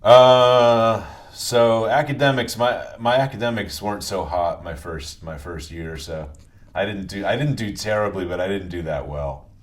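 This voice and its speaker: A man from New England, a podcast guest, telling his story in a relaxed way with frequent restarts and a softened New England Italian American accent. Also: on the low side, normal speed. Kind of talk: conversational interview.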